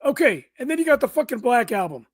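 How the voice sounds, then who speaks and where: A man with a strikingly high, thin, strained voice talks in loose, casual podcast chat. He is blunt, swears freely and laughs easily. The sound is close and dry, with no room around it. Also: sing-song, fast, no room sound. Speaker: podcast co-host guest.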